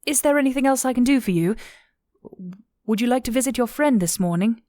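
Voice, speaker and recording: An eager, sympathetic female desk clerk who talks fast and fusses over people, voiced by a woman reading an audiobook. Her voice is pitched well above the narrator's own. It is recorded dry and close. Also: animated, a little mellow, dry recording, natural voice. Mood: solicitous.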